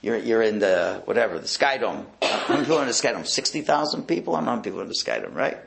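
Speaking very fast in a lowish, gravelly voice over very noisy audio, a rabbi teaches a religious lecture to an audience. His delivery is lively: he performs other voices and sometimes falls to a whisper.

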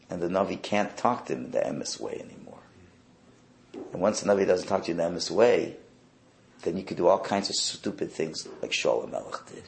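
A man, a rabbi, teaching a Torah class in a wry, animated way, sprinkling in Hebrew and Yiddish words. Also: sits low, creaky.

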